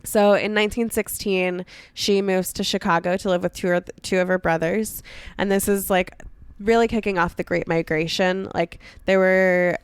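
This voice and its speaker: A woman's voice: medium pitch, steady tone, moderate pace, clear, resonant tone, dry recording. A young adult woman co-hosting a podcast, telling a history story in casual chat full of filler words. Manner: chatty, many "like" fillers, retells history conversationally. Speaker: podcast co-host.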